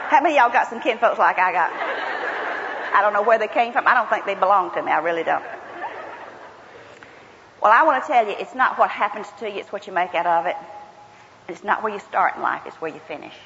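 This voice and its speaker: A woman's voice: medium pitch, animated, a little fast, long pauses, a bit bright, a little hiss or hum. A woman from South Georgia with a Southern accent, giving a folksy, humorous inspirational talk to a women's gathering. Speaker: women's retreat speaker. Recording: muffled hall with long reverb.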